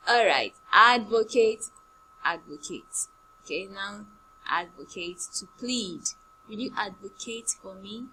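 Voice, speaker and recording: A woman teaching an online primary English class, repeating each word slowly and giving example sentences. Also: medium pitch, big pitch swings, bright, forceful tone, slight background noise, rough recording. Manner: slow, drilling words by repetition with example sentences.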